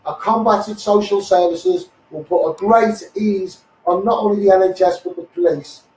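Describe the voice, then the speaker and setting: A man with a Liverpool accent, hoarse, ranting combatively on a live stream and calling viewers mate. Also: high voice, fairly even intonation, moderate pace, a little mellow. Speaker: activist livestreamer. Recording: echoey, mic held at a distance.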